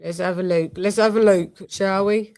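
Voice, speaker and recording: A woman's voice: medium pitch, fairly even intonation, moderate pace, dry recording. A woman hosting a boxing channel's live stream, chatting casually, thanking members and breaking into bits of song. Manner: chatty, sings snatches and shouts out members.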